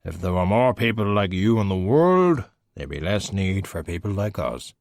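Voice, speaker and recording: A dry, sardonic skeleton detective speaks low and unbothered, as a male audiobook narrator plays him. His deadpan delivery stays calm and wry. The sound is close and dry. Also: moderate pace, no echo.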